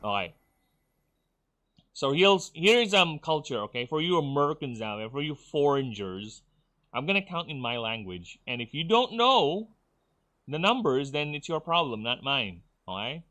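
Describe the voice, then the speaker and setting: A man's voice: fairly high pitch, big pitch swings, normal speed, pushed and bright. A man from the Philippines, streaming a game, teasing his viewers and muttering through his choices. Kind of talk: casual game stream chat.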